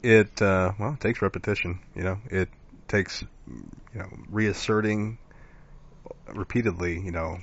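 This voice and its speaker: A man's voice: deep voice, expressive, unhurried, creaky, long pauses, dull audio. A male show host in casual live-stream chat, affirming and rambling with many fillers.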